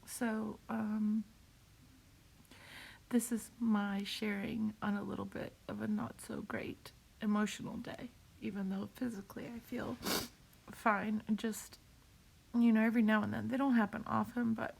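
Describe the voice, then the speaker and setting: A woman talking on a live video while crying, in a halting way, repeating herself and laughing through her tears. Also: medium pitch, flat delivery, vocal fry, a little mellow, husky. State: tearful, crying. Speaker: vlogger sharing a cancer update. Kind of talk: emotional live video talk.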